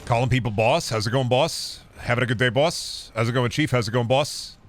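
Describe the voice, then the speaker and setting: A man from Iowa streaming a game, reading chat questions aloud and answering with offhand jokes and gruff mock-dad phrases. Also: mid-range voice, a little fast, a little hiss or hum. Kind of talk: casual live-stream chat while gaming.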